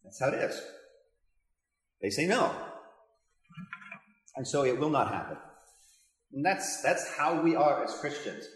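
A man's voice: medium pitch, very animated, measured pace, long pauses. An older man, a pastor, giving a passionate, conversational Bible teaching with asides to his listeners. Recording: very echoey hall reverb.

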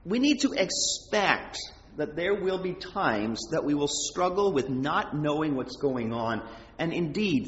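Man preaching in an echoey hall. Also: a little hiss or hum. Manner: conversational, animated, rises in pitch for quoted prayers. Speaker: pastor. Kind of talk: sermon. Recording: echoey hall, dull sound.

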